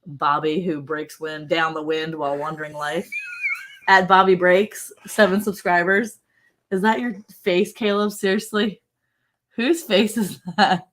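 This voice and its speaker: A chatty middle-aged woman with a slightly low voice co-hosts a relaxed livestream. She laughs often and reads viewer messages aloud in an easy, friendly way. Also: a little slow. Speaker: co-host of a livestream. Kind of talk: casual live chat reading comments.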